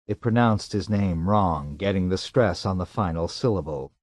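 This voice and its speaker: A man reading an audiobook as the narrator, with an even, measured delivery into a close mic. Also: deep voice, dry recording. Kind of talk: scripted narration.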